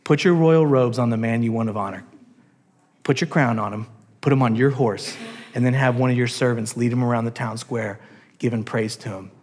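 A man voicing a proud, scheming royal official in a hushed, smooth tone, in a sermon. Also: mid-range voice, fairly quick, voice pushed down, close to an everyday voice. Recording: long church hall reverb.

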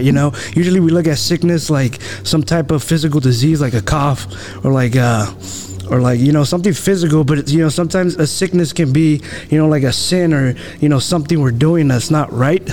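A man's voice: fairly high pitch, normal speed, a little mellow, soft background music. A man co-hosting a casual faith discussion, retelling a Bible story and acting out the quoted lines, with frequent "you know".

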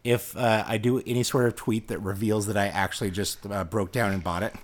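A man's voice: fairly low pitch, steady tone, a little fast, a little hiss or hum. A man co-hosting a podcast, chatting casually, joking and laughing often.

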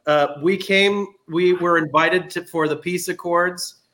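A man telling history as casual podcast chat, animated and quick to joke. His voice is bright and sits a bit high for a man. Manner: animated, jokey retelling of history. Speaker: podcast guest.

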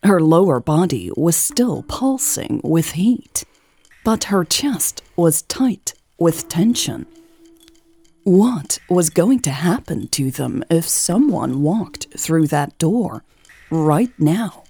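Female audiobook narrator; measured read, dark, mellow tone, dry close sound. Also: low-pitched, big pitch swings, husky, no echo. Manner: slow, measured reading.

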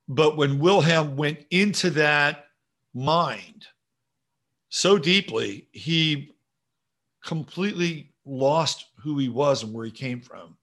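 A man's voice: fairly high pitch, slow, fairly bright tone. Rambling, profane male livestream host. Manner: rambling, casual and profane, musing aloud. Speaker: show host. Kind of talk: livestream talk reading viewer comments.

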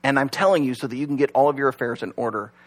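A man's voice: medium pitch, very fast, voice pushed down, natural voice, poor audio. A man voicing God in a joke as a casual, friendly figure who talks like a buddy.

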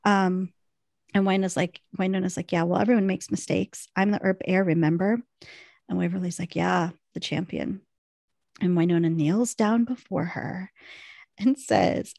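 A woman's voice: on the low side, normal speed, creaky, no echo, clean studio sound. A middle-aged woman chatting casually as a podcast co-host, retelling scenes with acted-out lines. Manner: animated retelling, acts out lines. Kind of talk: casual chat recapping a TV episode.

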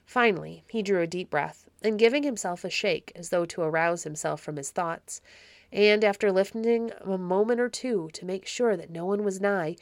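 Woman, audiobook narrator, measured storytelling, middle pitch, dry close mic. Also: no echo. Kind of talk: scripted narration of a classic children's novel.

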